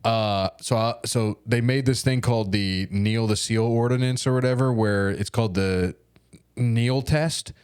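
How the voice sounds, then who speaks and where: Comedy podcast co-host, male, mid-pitched, loose and foul-mouthed banter. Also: measured pace, a little mellow, smooth, no room sound, studio quality. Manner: loose, profane, joking. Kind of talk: casual chat.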